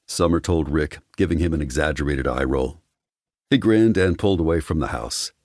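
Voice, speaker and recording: A man giving measured, wry scripted narration of an audiobook on a close studio mic. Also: very deep voice, a little mellow, no room sound.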